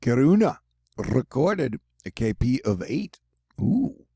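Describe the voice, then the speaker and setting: A man's voice: mid-range voice, animated, moderate pace, gravelly, mellow, slightly rough, dry recording, clean studio sound. A man hosting his own news video, talking in a laid-back, jokey way full of slangy asides. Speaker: solo news video host. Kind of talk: casual talking-head commentary.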